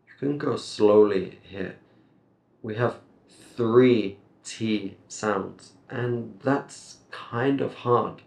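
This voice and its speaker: Slow, deliberate male pronunciation teacher. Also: lowish voice, warm tone. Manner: reads a script aloud, then breaks words into sounds.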